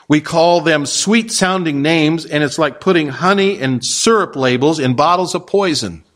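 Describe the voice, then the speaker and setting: Conversational male preacher, fairly high voice. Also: moderate pace, a bit bright. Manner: conversational, with rhetorical questions to the listeners. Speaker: pastor. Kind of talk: expository sermon.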